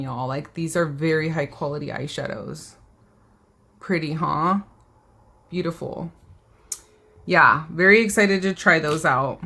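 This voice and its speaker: A woman's voice: on the low side, a bit bright. A woman, hosting a casual live beauty haul, chatting and reading viewer comments aloud. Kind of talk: casual live-stream chat.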